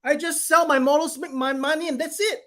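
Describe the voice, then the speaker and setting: A man's voice: very high voice, steady tone, a little fast, sharp tone. A man hosting his own live stream, reading out viewer comments in an irritated, blunt, rambling way and swearing now and then.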